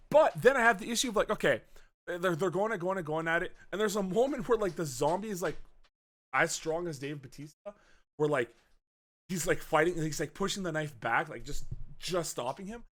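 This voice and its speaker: Animated, bright-voiced man reviewing a movie. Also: fairly high pitch. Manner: animated, swears often, acts out scenes with quick voice changes. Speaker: podcast co-host. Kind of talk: casual movie review chat.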